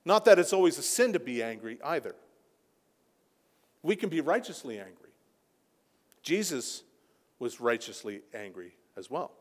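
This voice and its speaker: A man preaching a sermon as a pastor, impassioned, rising to near-shouting peaks. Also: medium pitch, very animated, moderate pace, pauses often. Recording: long hall reverb.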